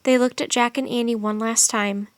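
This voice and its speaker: Woman, audiobook narrator, expressive storytelling, fairly high voice, dry studio sound. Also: normal speed, no room sound.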